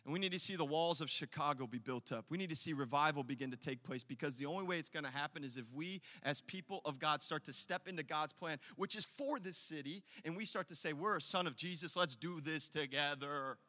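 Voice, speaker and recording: A man preaching an impassioned sermon as pastor in a church, loud and rousing, leading his congregation in call-and-response. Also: fairly high pitch, a little fast, few pauses, in a large hall. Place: church sanctuary.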